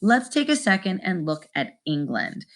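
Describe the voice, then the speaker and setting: A woman's voice: mid-range voice, very animated, moderate pace. A woman teaching a casual history video lesson in a chatty way, talking straight to her viewers. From United States. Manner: chatty, addresses viewers as guys.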